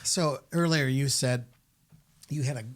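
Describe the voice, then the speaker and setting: A man's voice: mid-range voice, measured pace, noisy background. A man hosting a Catholic podcast, talking casually and asking rhetorical questions with frequent fillers. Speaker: podcast host.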